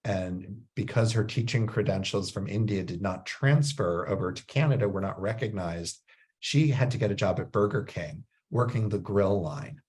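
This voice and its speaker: A man as a podcast guest, explaining ideas with animated storytelling. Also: lowish voice, moderate pace. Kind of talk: casual interview talk.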